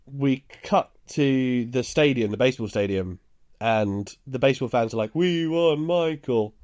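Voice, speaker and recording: Brief: male podcast co-host, relaxed plot-recap delivery with easy chuckles. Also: mid-range voice, normal speed. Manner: laid-back storytelling, chuckles while recounting scenes. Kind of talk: casual film recap.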